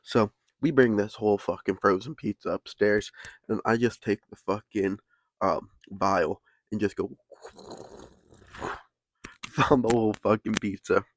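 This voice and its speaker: A man's voice: lowish voice, measured pace, pauses often, no room sound. A young man casually telling a story in laid-back slang, swearing constantly.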